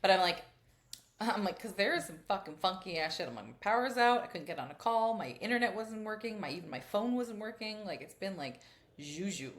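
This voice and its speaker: A woman's voice: mid-range voice, animated, fairly quick. A young adult woman co-hosting a podcast, chatting casually, blunt and jokey with lots of swearing. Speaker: podcast co-host.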